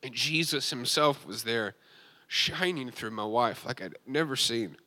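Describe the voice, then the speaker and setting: A man's voice: medium pitch, unhurried, bright, forceful tone. A man giving a sermon as a pastor, telling an emotional personal testimony with frequent restarts and fillers.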